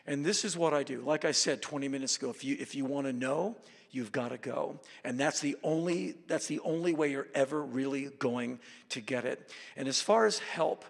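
A man giving a live storytelling talk to an audience as a guest speaker, intense and emphatic, with loud bursts. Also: mid-range voice, normal speed, gravelly. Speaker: guest speaker at a university event. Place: auditorium. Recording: reverberant hall.

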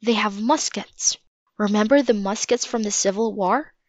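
A woman voicing a cautious, serious young boy in a storybook reading, often hushed. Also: mid-range voice, moderate pace, dry recording, close to an everyday voice. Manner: worried, hushed. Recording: dull lo-fi recording.

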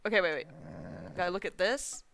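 A woman's voice: fairly low pitch, expressive, fairly quick, fairly bright tone. A woman streamer giving live gameplay commentary, thinking aloud and rambling to herself with playful folksy slang.

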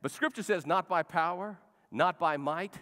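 Pastor preaching with shouted exhortations. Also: male voice, high-pitched, moderate pace, long reverb tail. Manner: emphatic preaching, swings from soft asides to loud shouted exhortation. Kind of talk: sermon. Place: large church sanctuary.

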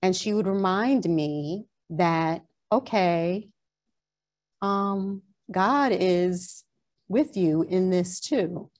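A woman from Long Island with a New York accent, telling a personal faith story in a casual chat as a podcast co-host, animated and slipping into a New York drawl. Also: on the low side, very slow.

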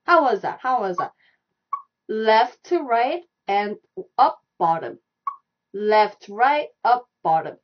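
A woman with a Korean accent teaching a live online language class, repeating steps slowly and laughing often. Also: a little high, sing-song, highs cut off. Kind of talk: live-streamed language lesson.

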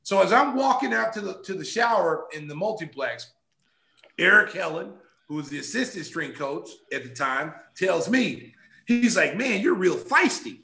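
A man in his fifties, a guest telling a casual anecdote, animated and laughing often as he acts out other people's lines. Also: on the high side, moderate pace, vocal fry. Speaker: guest, former pro basketball player. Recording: roomy echo.

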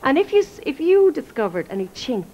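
A woman's voice: sits high, big pitch swings, fairly quick, muffled recording, a little hiss or hum. An Irish woman, a former researcher, telling humorous stories as a guest on a live television chat show. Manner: chatty, humorous storytelling.

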